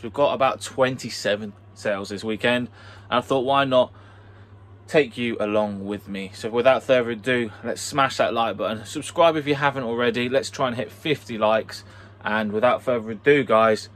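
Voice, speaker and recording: A man chats through a casual vlog, wound up and playful. He cracks jokes and mutters asides to himself, in a voice that is neither high nor low. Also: a bit bright. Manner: hyper, jokey, talks to himself. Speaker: online reseller vlogger. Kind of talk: casual vlog while packing orders.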